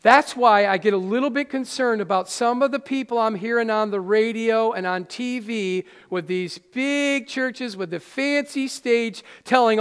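A man's voice: extremely high pitch, unhurried, few pauses, clear, resonant tone. A man preaching a sermon to his congregation, earnest and conversational, with playful asides. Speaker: pastor. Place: church sanctuary. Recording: live hall reverb.

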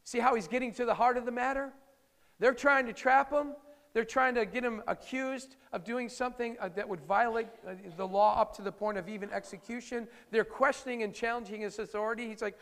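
High-voiced gravelly man preaching in a hall. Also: fairly even intonation, a little fast, fairly bright tone. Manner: conversational, emphatic, acts out quotes. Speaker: pastor. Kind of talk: sermon.

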